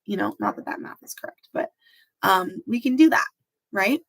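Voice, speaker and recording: A woman's voice: medium pitch, animated, moderate pace, gravelly, a bit bright, poor audio. A woman hosting a live stream, reading out viewers' comments and speaking in a heartfelt, emotional way, close to tears.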